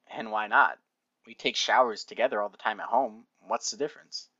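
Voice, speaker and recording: A man's voice: lowish voice, normal speed, sharp tone, no room sound, muffled recording. A man playing a playful young caretaker in a fan fiction reading, teasing and over the top. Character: young man caring for an injured pony.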